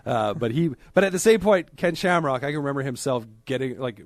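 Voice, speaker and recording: A man's voice: mid-range voice, animated, brisk, no room sound. A man co-hosting a podcast in casual chat, rambling and trailing off, laughing often. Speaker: podcast co-host. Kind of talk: casual chat about wrestling.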